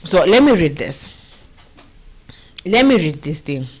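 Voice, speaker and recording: A woman's voice: sits low, big pitch swings, a little slow, darkish tone, husky. A woman with a Kenyan accent hosting a show, giving earnest, rambling political commentary and slipping Swahili slang into her English.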